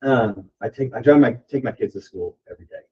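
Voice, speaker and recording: This man, middle in pitch, gives his team a motivational pep talk at a fairly quick clip, loose and chatty and leaning heavily on "like." The recording is distant, muffled, and low quality, with the surrounding room easy to hear.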